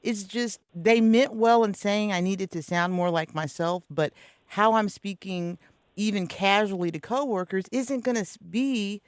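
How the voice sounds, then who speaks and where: A woman from Kansas City hosting a radio interview, talking in a thoughtful, relaxed way and sometimes searching for words. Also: medium pitch, a little slow, no echo. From Kansas City, USA. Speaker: radio host.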